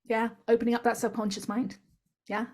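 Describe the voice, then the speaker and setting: A woman's voice: fairly high pitch, level tone, a little fast, a little mellow. A woman guest in an interview, earnestly explaining her method and checking in with "right?" again and again. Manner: earnest, instructive, keeps adding "right?". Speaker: author and speaker, interview guest.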